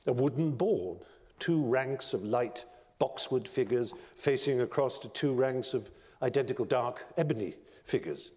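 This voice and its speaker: A man giving a lecture, telling stories in an expressive, theatrical narrating style. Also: medium pitch, measured pace. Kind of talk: dramatic storytelling lecture. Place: large lecture hall. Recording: long reverb of a large lecture hall.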